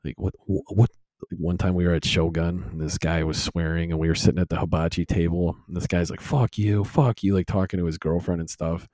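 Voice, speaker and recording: A young man co-hosting a casual golf podcast, telling animated stories and acting out quotes. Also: low voice, fast talker, hardly any pauses, dry recording, clean studio sound. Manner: animated storyteller, acts out quotes loudly. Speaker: podcast co-host. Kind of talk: casual chat.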